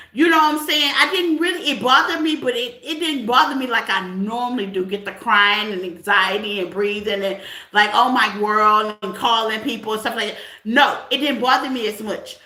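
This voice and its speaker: A woman gives a spiritual tarot reading in a high, bright voice. She talks in a loose, chatty way and keeps asking "okay?" The room around her is echoey. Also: moderate pace. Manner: conversational, chatty, repeats "okay?" often. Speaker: tarot reader.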